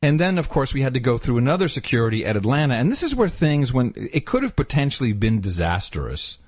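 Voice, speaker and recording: A man's voice: medium pitch, very animated, quick pace, a little mellow, no room sound, studio quality. A man co-hosting a podcast, telling a travel story casually and acting out the people he quotes in mocking voices. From Netherlands. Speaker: podcast co-host.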